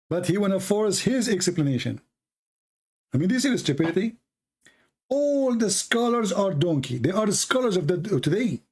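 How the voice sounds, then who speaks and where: Animated man with a non-native English lilt. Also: fairly high pitch, vocal fry, slightly rough. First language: Arabic. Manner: animated, laughing, broken English, exclamatory. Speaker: host. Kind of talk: casual storytelling and polemic.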